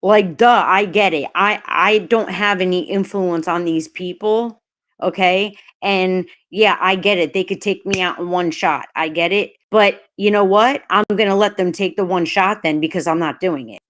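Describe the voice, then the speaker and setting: A woman's voice: fairly low pitch, normal speed, fairly bright tone. A woman live-streaming a heated, profane rant, talking bluntly and breaking off to greet chat viewers by name. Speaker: livestreamer.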